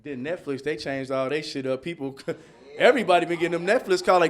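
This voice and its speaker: A male stand-up comedy host, loose and profane, slipping into animated voices for his bits. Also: on the high side, fast talker.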